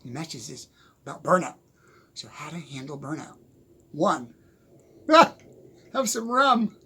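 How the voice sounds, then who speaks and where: Gravelly-voiced man giving casual motivational talk. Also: on the high side, big pitch swings, a little slow, pushed and bright. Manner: chatty, laughs often, repeats "okay?". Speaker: motivational speaker. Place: home, at a desk.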